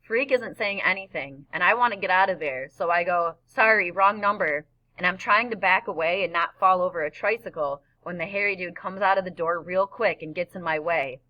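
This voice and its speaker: A woman's voice: lowish voice, a little fast, few pauses, lo-fi sound. A woman narrating an audiobook in a boy's first-person voice, telling the story plainly. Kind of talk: scripted narration.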